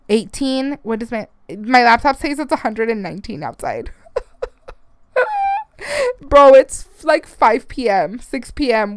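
A woman's voice: on the high side, clean tone, no room sound, studio quality. Rambling, chatty woman podcast host. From Arizona, United States. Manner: chatty and rambling, swears, mixes in Spanish phrases, laughs often. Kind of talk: casual solo podcast rant.

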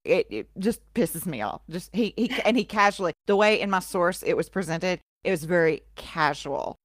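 A woman's voice: fairly low pitch, expressive, moderate pace, dry recording, clean studio sound. A woman co-hosting a casual podcast who retells history in an irreverent, profane way, full of sarcastic asides. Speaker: podcast co-host.

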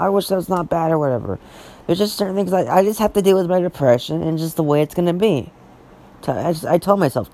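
Rambling, frustrated man, slightly high voice. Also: darkish tone. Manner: rambling, repetitive, frustrated, many restarts; swears when worked up. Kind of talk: unscripted personal rant.

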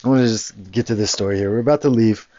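A man's voice: on the low side, fast, warm tone, dry recording, muffled recording. A man, a father, telling a casual story in a rambling way, with many restarts and the odd curse word. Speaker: father and show host.

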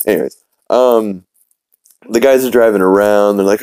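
This young man from New Orleans hosts a podcast, meandering through a cartoon episode recap full of fillers and quotes he acts out, at a moderate pace with frequent pauses. He has a low, mellow, smooth and clear voice. The audio is poor, though close and dry with no room sound.

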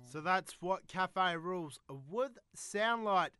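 Man, Australian accent, breakfast radio host, high voice, bright, playful banter, faint music behind. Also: slow pace, hardly any pauses. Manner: playful, jokey, chatty.

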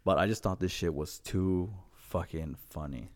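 A man's voice: low voice, normal speed. A man hosting a podcast in casual chat, rambling and profane, breaking into laughter often. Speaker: podcast host.

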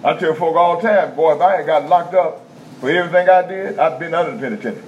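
A male preacher delivers a folksy sermon, circling back on his phrases before rising to emphatic bursts. His voice sits a little high for a man. The recording is dull and lo-fi, with faint room ambience behind him. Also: quick pace, a little hiss or hum. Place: prison chapel.

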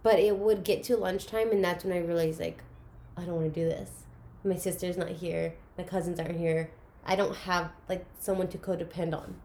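A young woman casually telling a personal story about her school years, animated and acting out the voices of the people in it. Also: lowish voice, normal speed. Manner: animated, acts out quoted voices, laughs through emotional moments. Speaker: guest sharing her story.

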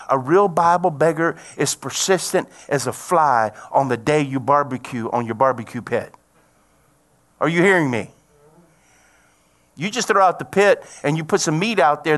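A middle-aged man preaching a sermon, telling a personal story in a folksy way and building to loud, excited preaching. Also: a little high. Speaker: pastor.

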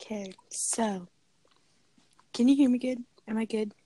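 A young woman co-hosting a podcast, chatting casually with frequent giggles and drawn-out fillers into a close mic. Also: on the high side, warm tone, slight background noise. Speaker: podcast co-host. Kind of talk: casual chat.

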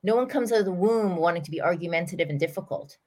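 A middle-aged woman, a parenting coach, talking through an example in an earnest, animated way as a podcast guest. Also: on the low side, fast. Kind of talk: storytelling explanation in an interview.

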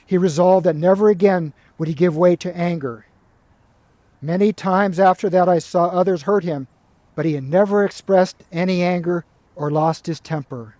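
A monk gives a calm, measured spiritual talk, retelling stories and reading passages aloud. His voice sits high, and there's no room sound.

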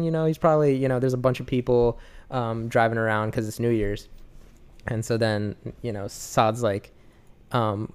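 Young man, smooth clear voice, casual and lively storyteller who laughs easily. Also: medium pitch, normal speed. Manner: lively, laughs often, acts out quotes.

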